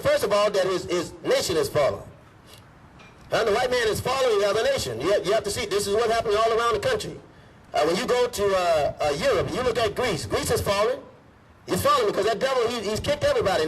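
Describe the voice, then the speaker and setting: High-pitched man preaching at a distance. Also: expressive, fast talker, breathy edge. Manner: emphatic, repeats his points. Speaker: minister. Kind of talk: rally speech. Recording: distant mic with faint background noise.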